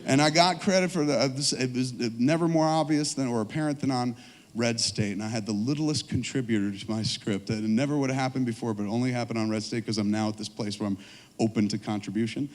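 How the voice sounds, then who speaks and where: Man, forties, profane storyteller, rambling and animated, live stage talk, mid-pitched voice. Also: fast, in a large hall. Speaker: filmmaker guest speaker. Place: trade show stage before an audience.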